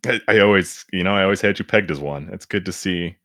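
A man chatting casually on a podcast, animated and quick to laugh, often restarting his sentences. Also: low-pitched, dry recording, studio quality. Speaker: podcast guest reading reviews.

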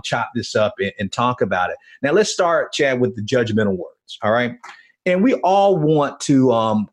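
A man hosting a podcast interview, talking in a friendly, conversational way with frequent fillers. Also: mid-range voice. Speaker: podcast host.

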